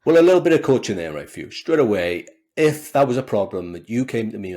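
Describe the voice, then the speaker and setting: Animated Welsh man, low voice. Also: a little fast. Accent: softened Welsh. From Wales. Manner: animated, expressive storyteller who acts out quotes. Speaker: speaker coach, podcast guest. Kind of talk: conversational interview.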